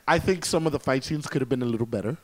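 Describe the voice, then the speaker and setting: A man's voice: medium pitch, racing, noisy background. A man chatting casually as a guest on a podcast, enthusiastic and rambling with lots of fillers. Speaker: guest reviewer.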